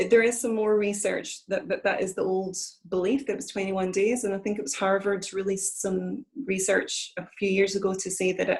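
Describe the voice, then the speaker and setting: A woman's voice: medium pitch, vocal fry, poor audio. A woman with a Scottish accent, a guest in a conversational interview, speaking earnestly and reflectively over a video call.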